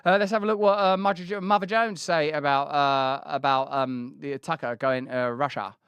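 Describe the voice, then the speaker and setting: Man, host, casual political commentary, high voice, smooth dry studio sound. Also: normal speed, dry recording, highs cut off. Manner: animated, jokey, puts on silly voices.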